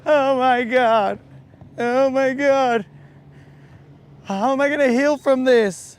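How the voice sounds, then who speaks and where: A man's voice: extremely high pitch, steady tone, slow, clear, resonant tone, pitched above the performer's own voice. A man putting on the voice of a whiny friend who cries and pleads over his own mistakes. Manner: whimpering, pleading. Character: whiny crying man, self-pitying friend.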